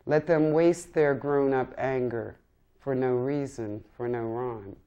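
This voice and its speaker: Woman poet reading her poems live, low voice, takes it really slow, solemn and intense. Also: dark tone, highs cut off. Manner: slow, solemn, impassioned recitation. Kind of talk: poetry reading.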